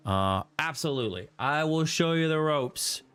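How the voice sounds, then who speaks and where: A man's voice: expressive, moderate pace, a bit bright, clean tone, faint music behind. Playful man chatting while gaming. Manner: playful, jokey, repeats himself, jumps into squeaky exclamations. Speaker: gaming streamer. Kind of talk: casual multiplayer gameplay chat.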